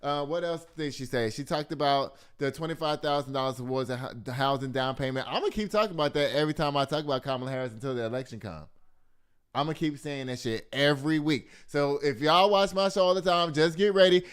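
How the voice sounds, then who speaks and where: A man giving casual news commentary. His voice is smooth and clear and sits a bit higher than most men's. He talks chattily to his viewers and swears freely. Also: quick pace. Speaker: host of a gossip and news commentary show.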